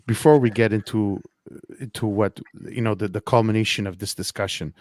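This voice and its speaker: A man co-hosting a casual podcast, telling stories in an animated way, repeating words and laughing often. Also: fairly low pitch, fairly quick, no echo. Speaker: podcast co-host. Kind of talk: casual podcast chat, storytelling. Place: Montreal.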